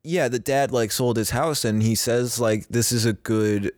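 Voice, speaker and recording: A man's voice: medium pitch, unhurried, darkish tone, dry recording, studio quality. A young man co-hosting a casual podcast chat, talkative and laughing often. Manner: chatty, laughs often, many fillers. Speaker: podcast co-host.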